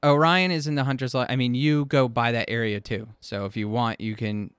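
A man's voice: mid-range voice, fairly even intonation, a little fast, fairly bright tone, smooth, no echo, clean studio sound. A man narrating as game master of a tabletop role-playing game, loose and rambling, often laughing.

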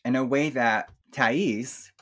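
A man speaking English as a second language, talking reflectively and softly with many fillers in a casual chat. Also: medium pitch, slow pace. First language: not English. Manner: reflective, soft-spoken, with frequent fillers. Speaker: podcast guest. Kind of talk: casual chat about emotional healing.

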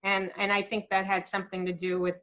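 A woman chatting in a relaxed, amused way on a lo-fi video call. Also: medium pitch, quick pace. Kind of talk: casual chat.

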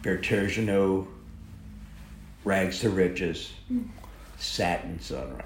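A man being interviewed, telling a long anecdote with lively shifts in voice as he acts out the people in it. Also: deep voice, slow, vocal fry, a little hiss or hum. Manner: animated, acts out dialogue in the story. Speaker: interview guest, horse farm owner. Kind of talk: anecdotal storytelling. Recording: roomy echo.

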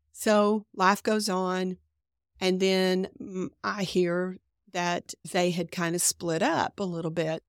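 A woman's voice: mid-range voice, dry recording, studio quality. A middle-aged woman guest sharing a personal faith testimony in earnest conversational storytelling, acting out her own past thoughts. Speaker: podcast guest.

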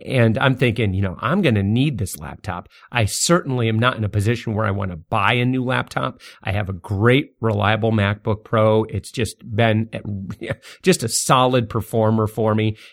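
A podcast host telling a story in a casual, animated way, laughing often, his voice jumping up when he gets excited. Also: lowish voice, moderate pace, vocal fry.

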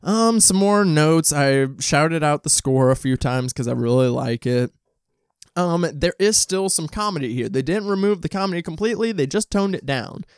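A man's voice: on the high side, animated, normal speed, smooth, dry recording, studio quality. A man casually talking through a film review, chatty and enthusiastic with frequent ums and likes, at home. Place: home, dog nearby.

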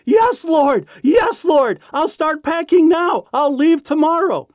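Guy doing a frantic young student yelling up high, swinging all over the place, dead dry sound. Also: takes it slowly, dry recording, exaggerated voice. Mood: ecstatic. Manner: shouting in high excitement. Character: frantic young male student answering God.

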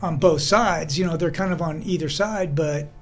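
A man hosting a podcast in casual chat, an animated storyteller who acts out the voices he quotes and laughs often. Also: fairly high pitch, moderate pace, faint music behind. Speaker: podcast host.

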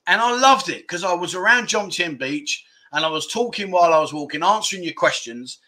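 A man's voice: high-pitched, expressive, fairly quick, pushed and bright. A man from England hosting a casual livestream, chatting and reading out viewer comments in a rambling, self-deprecating way. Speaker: livestream host. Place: indoors at home.

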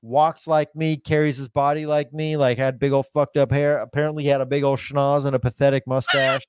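A man's voice: medium pitch, level tone, a little fast, smooth, no room sound. A man in casual podcast chat, rambling and swearing constantly, with lots of "like" and "dude".

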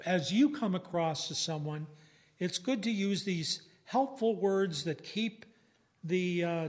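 Middle-aged male preacher, higher voice, slow deliberate teaching delivery. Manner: slow, measured teaching with fillers. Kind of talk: sermon.

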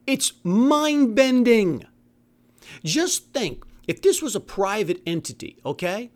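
A man rants at full tilt in a solo talk show, exasperated and swearing freely. His pitch swings widely as he jumps between anger and sarcasm. He mocks opponents in put-on voices. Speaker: podcast host. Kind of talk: angry monologue rant.

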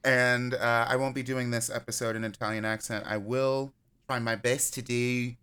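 Smooth, bright, joking male podcast guest. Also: mid-range voice, normal speed. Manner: joking, animated, rambling. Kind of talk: casual chat.

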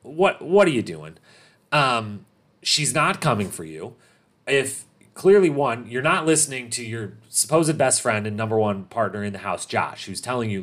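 A man hosting a casual recap podcast, talking in an animated, emphatic way and repeating points for stress. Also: mid-range voice, normal speed. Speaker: podcast host recapping a reality show.

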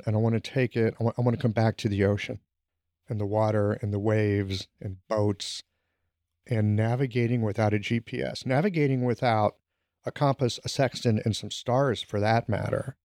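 A middle-aged man hosting a casual conversation, telling stories in an animated way. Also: fairly low pitch, no echo, studio quality. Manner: animated storytelling.

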